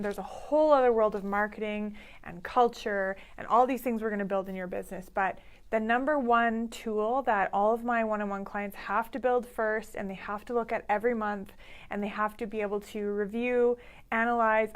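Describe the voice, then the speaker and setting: A woman with a slightly high voice speaks as a business coach on a live video. She is upbeat, laughs easily and gives plain, direct advice in a casual way. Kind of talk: casual talk to camera.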